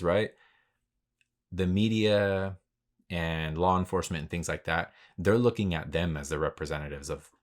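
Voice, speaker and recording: A man hosting his own podcast, talking in a laid-back, rambling way with lots of slang and swearing. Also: deep voice. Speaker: podcast host. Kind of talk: casual solo podcast monologue.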